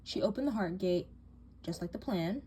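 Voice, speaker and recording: A woman's voice: mid-range voice, animated, moderate pace, mellow, close to an everyday voice. A woman voicing a bossy, scheming teen girl in a doll drama, cold and taunting, with faint hiss behind her.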